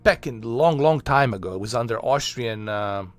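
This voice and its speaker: A man's voice: mid-range voice, lively intonation, moderate pace, soft background music. A man from Bosnia, chatting casually on his stream in a rambling, filler-heavy, profane way.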